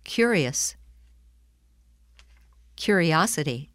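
A woman reading single example words slowly and deliberately for a pronunciation lesson. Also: low-pitched, animated, fairly bright tone, dry recording. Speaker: model speaker in a pronunciation lesson. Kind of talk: scripted word reading.

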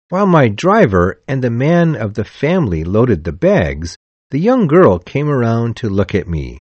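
A man reading a novel aloud as an audiobook, in a measured, expressive storytelling manner. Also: medium pitch, no room sound, muffled recording. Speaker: audiobook narrator. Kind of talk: scripted audiobook narration.

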